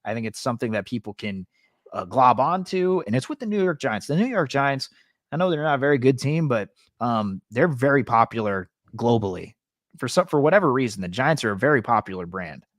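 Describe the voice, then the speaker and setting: A man's voice: medium pitch, lively intonation, brisk, no room sound, clean studio sound. A man co-hosting a sports podcast, ranting in casual chat with lots of fillers. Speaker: podcast co-host.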